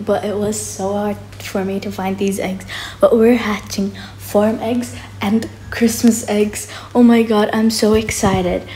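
A woman hosting her gaming channel, giving gushing, excitable commentary and squealing often. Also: mid-range voice. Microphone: faulty mic. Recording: noisy faulty home mic.

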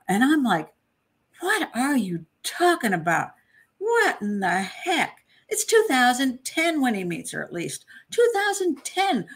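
A woman with a mid-range voice hosts a casual true crime commentary. She's chatty and digressive, speaks frankly with strong opinions, and laughs often.

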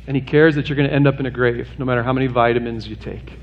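A male pastor races through his sermon in a church sanctuary, his tone steady, addressing the congregation earnestly and directly. Plain humor gives way to an urgent appeal as his pitch and intensity climb. The lo-fi recording carries a little hiss or hum.

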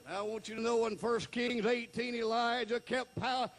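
A male evangelist preaching a fiery revival sermon, shouting and then dropping to a hush. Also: very high voice, steady tone, moderate pace, gravelly, hardly any pauses. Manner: shouting, jumps between loud and hushed delivery.

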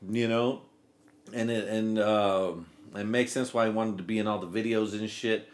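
A man's voice: on the low side, steady tone, moderate pace. A man hosting a comedy podcast, talking in a loose, profane, rambling way and acting out quotes in silly voices. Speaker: podcast host.

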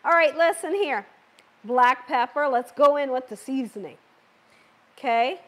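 Her voice sits high and fairly bright, with a measured pace and long pauses, and there's slight background noise. She hosts a live cooking stream wearing a microphone, chatty and laughing often, reading viewers' comments aloud in a slightly worn voice.

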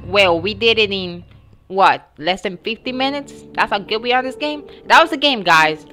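A young woman commenting on a horror game as she plays it, excitable and casually swearing, often yelling at what happens on screen. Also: on the high side, unhurried, long pauses, over music. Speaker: gamer, channel host. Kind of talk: let's play commentary.

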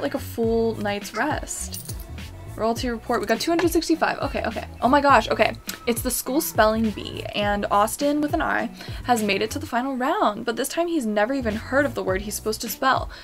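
Young woman doing chatty game commentary, kinda high voice, freaks out easily, soft music in the back. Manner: excitable, anxious, talks to game characters. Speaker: gaming YouTuber. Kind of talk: casual gameplay commentary.

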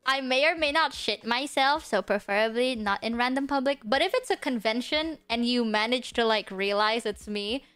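A woman's voice: fairly high pitch, moderate pace, hardly any pauses, smooth, soft background music. A woman vtuber streamer chatting casually and rambling with lots of fillers and laughs, sometimes dropping to a whisper. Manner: drops to a hushed whisper at times. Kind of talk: casual livestream chat.

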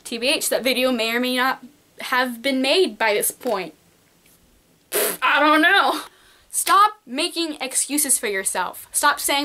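Bright high-voiced peppy teen girl. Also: expressive, unhurried, a little hiss or hum. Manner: peppy and encouraging, talks straight to viewers. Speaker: art vlogger. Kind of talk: casual advice vlog. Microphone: camcorder mic.

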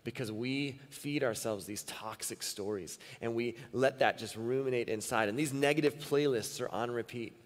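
A man's voice: mid-range voice, normal speed, hardly any pauses. A man preaching a sermon as pastor at a church service, earnest and repeating phrases for emphasis. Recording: long reverb of a church hall.

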